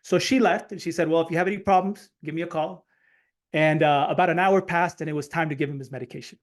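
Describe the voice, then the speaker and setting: Middle-aged guy telling a story on a webinar, lively, kinda high voice, stumbles and restarts a lot. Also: fast talker. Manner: animated, acts out quotes with stammered restarts. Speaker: webinar speaker. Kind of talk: storytelling talk.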